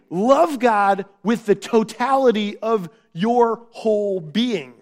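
Guy preaching, kinda high voice for a man, chatty sermon, keeps asking the crowd questions. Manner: conversational, with rhetorical questions to the audience; acts out quoted voices with big swings in pitch and volume. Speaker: pastor.

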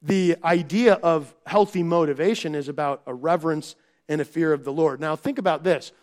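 A man preaching a church sermon, and his voice sits high for a man. He talks conversationally, restarts his phrases and keeps asking the congregation rhetorical questions. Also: normal speed, darkish tone. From Minnesota. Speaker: pastor.

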